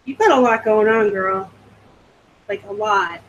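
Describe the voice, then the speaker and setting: A woman's voice: medium pitch, unhurried, muffled recording. Chatty woman hosting a live stream. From West Coast of the US. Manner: chatty, rambling, casual. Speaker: host. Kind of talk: live-stream chat answering viewer comments.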